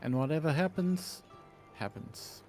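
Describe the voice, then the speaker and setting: A man slowly describing his character's actions in a tabletop game, halting often with fillers. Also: a little high, animated, darkish tone, faint music behind. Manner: slow, halting, with many fillers. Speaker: player.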